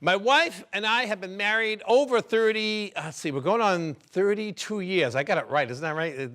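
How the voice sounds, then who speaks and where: A middle-aged stand-up comedian performs a chatty set, teasing the audience as laughter rings out in the background. His voice sits high, with a sharp tone and normal speed.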